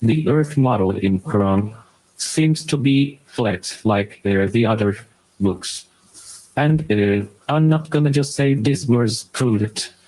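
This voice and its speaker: A man's voice: medium pitch, slow pace, darkish tone, rough recording. Man through a robotic voice changer. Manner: hesitant, apologetic. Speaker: caller. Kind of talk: casual debate call.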